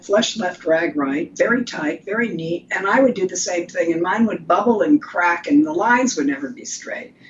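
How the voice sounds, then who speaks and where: A woman's voice: medium pitch, dull audio, slight background noise. An older woman, a designer from the United States, telling stories casually in an interview, with many restarts. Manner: chatty, anecdotal, frequent restarts. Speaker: guest designer.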